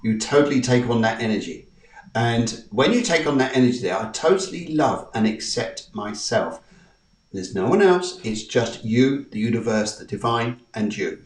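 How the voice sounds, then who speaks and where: A man hosts a live-streamed spiritual show, softly coaxing listeners through tapping affirmations in a lowish, expressive voice at normal speed. Because he sits some distance from the mic, his voice has a roomy echo.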